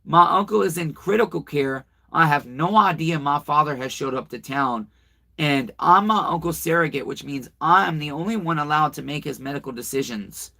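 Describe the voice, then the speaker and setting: A man runs a casual livestream in a creaky, bright, forceful voice pitched a little high, at a moderate pace. He rambles and curses through a story, reads viewer comments, and speaks to his audience directly.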